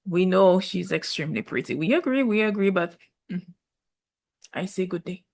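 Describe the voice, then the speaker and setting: A woman's voice: fairly low pitch, expressive, vocal fry, darkish tone. A young woman giving sassy, emphatic commentary on a reality show, repeating words for effect. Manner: sassy, emphatic, drawn-out repetitions. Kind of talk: casual opinionated commentary.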